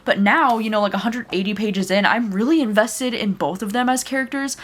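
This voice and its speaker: A woman's voice: on the high side, a little fast. A woman talking casually in a reading vlog, chatty and gushing, with many fillers. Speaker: book vlogger.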